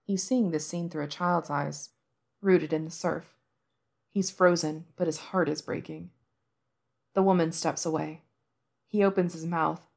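A woman narrating a fan-fiction audiobook in a soft, measured storytelling manner. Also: low voice, steady tone, gravelly.

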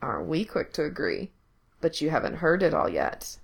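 A woman voicing a teasing, possessive young man in control, speaking low and murmuring close to the ear. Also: normal speed, gravelly, a bit bright. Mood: teasing, commanding.

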